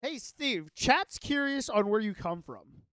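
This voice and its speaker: A male streamer chatting away while he plays, excitable and rambling, often cutting himself off mid-thought. His voice sits unusually high for a man, and the sound is close and dry with no room echo. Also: measured pace, clean tone. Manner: excitable, rambling, self-interrupting. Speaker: gaming streamer. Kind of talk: casual livestream chat while playing.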